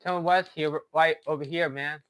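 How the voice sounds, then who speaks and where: A man's voice: a little high, steady tone, moderate pace, fairly bright tone, clean tone. A man streaming a game live, taunting and arguing with a viewer in chat. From Texas. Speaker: livestreamer. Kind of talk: live gaming stream talk.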